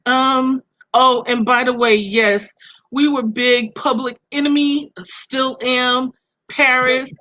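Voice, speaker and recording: A woman's voice: sits high, steady tone, takes it slowly, bright, forceful tone, dry recording, muffled recording. A middle-aged woman with a Brooklyn accent, a podcast guest telling personal stories over a video call in an earnest, reflective way. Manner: earnest, reflective, speaks of faith and loss.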